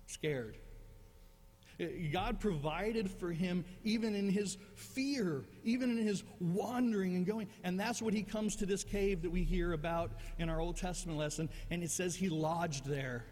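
A man's voice: high voice, normal speed, few pauses, darkish tone, long reverb tail. A male pastor preaching a sermon in a conversational, self-deprecating way, often repeating words as he goes.

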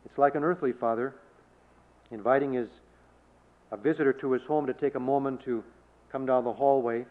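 A man preaching a measured sermon, rising to emphatic declarations in quoted scripture. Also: mid-range voice, fairly even intonation. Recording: tinny phone-like sound.

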